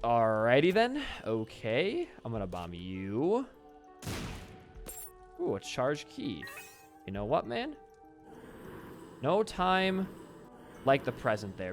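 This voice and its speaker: A young man casually commentating his own gameplay, excitable and swearing freely as he talks at the game. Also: fairly high pitch. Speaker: gaming channel host.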